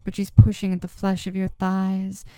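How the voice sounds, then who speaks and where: A woman narrating an erotic story in the second person, with a slow, hushed, even delivery. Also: medium pitch, clean tone, no echo, poor audio.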